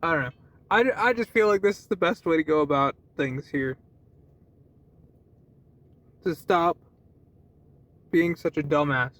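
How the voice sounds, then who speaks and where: A man's voice: a little high, measured pace, pauses often, a bit bright. A young man rambling in a casual vlog, laughing often, swearing freely and restarting his sentences. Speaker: vlogger.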